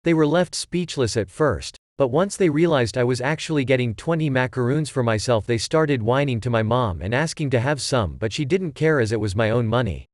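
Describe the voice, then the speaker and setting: A man with a mid-pitched voice reads a first-person story aloud in a plain storytelling manner. The recording is dry and close to the mic. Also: expressive, fairly quick, few pauses, dry recording. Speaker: story narrator. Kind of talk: scripted first-person narration.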